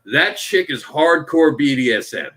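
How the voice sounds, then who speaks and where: A man's voice: fairly high pitch, lively intonation, a little slow, a bit bright. Male guest, brash storyteller, sarcastic, acts out his own asides. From Florida. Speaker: guest, comics creator. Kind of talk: casual chat.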